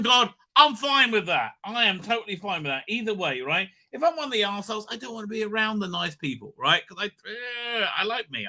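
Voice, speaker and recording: A man hosting a live stream, talking in a rambling, animated way, swearing and laughing often. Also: high voice. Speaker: livestream host. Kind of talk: casual live-stream chat.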